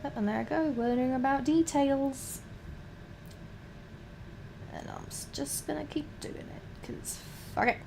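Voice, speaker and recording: A young woman chats away to her stream while she paints miniatures. Her voice sits a little on the high side, and she rambles, swears freely and keeps restarting her sentences. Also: unhurried, gravelly, long pauses, darkish tone, slight background noise.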